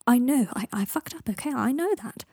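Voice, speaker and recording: A woman's voice: fairly high pitch, lively intonation, moderate pace, darkish tone, breathy edge, dry recording, clean studio sound, pitched above the performer's own voice. A woman reading a sarcastic dramatic young man. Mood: tender. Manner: sarcastic, theatrical drawl. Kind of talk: fan fiction audiobook reading.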